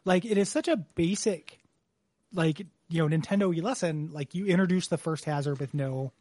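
A man's voice: on the high side, moderate pace, a little mellow, no room sound. A man co-hosting a podcast, chatting casually and jokingly about a video game, with lots of fillers and the odd swear. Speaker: podcast co-host.

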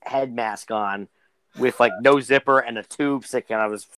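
A man's voice: mid-range voice, steady tone, normal speed, a bit bright, smooth, dry recording, low-quality recording. A man co-hosting a podcast, chatting casually with friends, rambling and joking with frequent restarts. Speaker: podcast co-host. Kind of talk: casual banter among friends.

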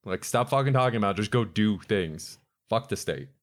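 A man co-hosting a podcast, asking curious questions and telling stories in an animated way. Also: on the low side, a little fast. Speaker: podcast host. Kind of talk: casual chat.

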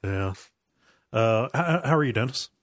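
A man's voice: mid-range voice, lively intonation, unhurried, no room sound, studio quality. A man from Ohio hosting a casual podcast chat, often repeating words and laughing between sentences. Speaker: podcast host.

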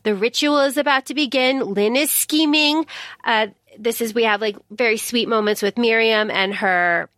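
A woman's voice: a little high, normal speed, a bit bright, no echo. A woman co-hosting a podcast, chatting casually and frankly about a book, swearing freely and acting out lines. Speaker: podcast co-host. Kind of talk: casual book discussion chat.

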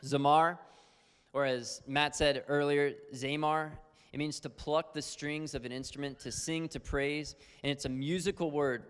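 A man's voice: mid-range voice, smooth. A man teaching on worship in an earnest, conversational sermon style, full of fillers. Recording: long hall reverb.

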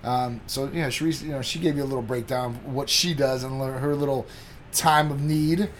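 A man's voice: medium pitch, fairly even intonation, moderate pace, slight background noise. A man hosting a casual wellness talk, speaking easygoingly with many fillers and addressing viewers directly. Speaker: host of a wellness product talk. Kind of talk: casual chat.

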